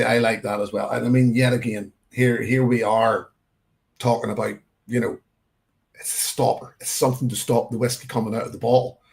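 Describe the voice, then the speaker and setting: A man's voice: medium pitch, vocal fry, a little mellow. A man hosting a live whisky tasting, chatting in a rambling, self-correcting way and reading out viewer comments. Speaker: whisky channel host.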